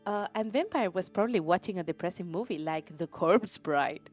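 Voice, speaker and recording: A woman's voice: lowish voice, expressive, fairly quick, darkish tone, soft background music. A woman doing a comedic reading on a stream, breaking off for wry, exasperated asides. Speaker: stream co-reader.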